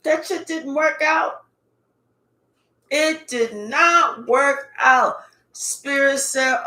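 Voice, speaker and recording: A woman giving a casual tarot reading, animated and profane, with emphatic outbursts. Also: high-pitched, very slow, pauses often, reverberant. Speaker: tarot reader.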